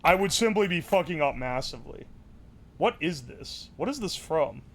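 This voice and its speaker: A man's voice: a little high, lively intonation, normal speed, creaky, fairly bright tone, slight background noise. A man streaming live, joking with his chat and thinking aloud while he builds something. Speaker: livestreamer. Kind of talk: casual livestream chat.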